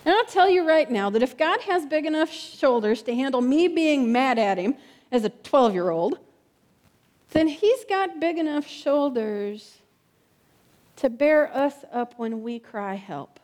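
A woman pastor preaching earnestly in a church, repeating key words and often asking "right?", sometimes dropping soft and slow. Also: high-pitched, expressive. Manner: drops soft and slow on emotional lines. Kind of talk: sermon.

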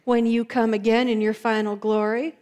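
A woman voicing an earnest grieving woman who insists on her faith, in a high voice. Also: level tone, moderate pace, darkish tone, lightly acted.

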